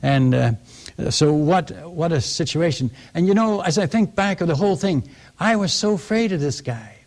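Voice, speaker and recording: A man preaching as a missionary, telling stories in an animated way, acting out the people he quotes and chuckling at his own tales. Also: a little high, moderate pace. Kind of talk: storytelling sermon.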